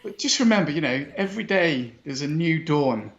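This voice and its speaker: A man's voice: fairly high pitch, lively intonation, moderate pace, fairly bright tone, lo-fi sound. A man hosting a casual chat, jovial and teasing, laughing often. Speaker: host.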